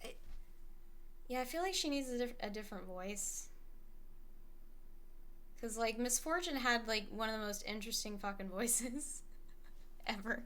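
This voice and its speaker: A woman's voice: fairly high pitch, a little slow, long pauses, a bit bright. A young woman streaming a video game, rambling casually with many fillers, swearing and laughing. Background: faint music playlist.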